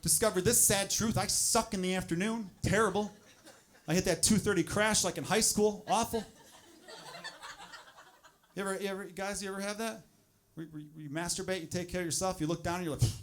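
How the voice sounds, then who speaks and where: A stand-up comedian on a club stage, his voice sitting high for a man. He talks animatedly and keeps building into exasperated rants. The live recording carries clear background noise. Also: fairly quick, pauses often. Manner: animated, swings into loud exasperated bits.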